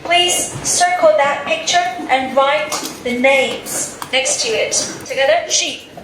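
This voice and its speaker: In a school classroom, a high-pitched woman teaches English slowly and clearly, drilling words with carefully enunciated prompts so the class can repeat them back. The recording is echoey and taken from a distance, with background noise.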